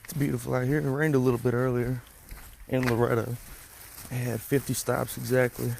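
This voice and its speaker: Young man, gravelly voice, casual cursing ramble, phone mic outdoors, faint background noise. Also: medium pitch, flat delivery, brisk, darkish tone. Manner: rambling, swears freely, thinks aloud. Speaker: podcast host, delivery driver. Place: outdoors at home.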